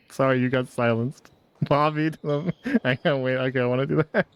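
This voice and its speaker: A man's voice: mid-range voice, lively intonation, moderate pace, clear, resonant tone, highs cut off. A man chatting casually on a live stream, laughing often and rambling between jokes. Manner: giggly, rambling, self-mocking.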